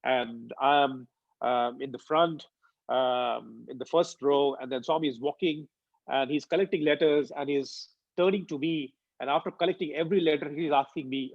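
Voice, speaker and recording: A man's voice: mid-range voice, steady tone, normal speed, creaky, dry recording, muffled recording. Earnest man telling a devotional story. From India. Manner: earnest, acts out dialogue in his story. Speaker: satsang speaker.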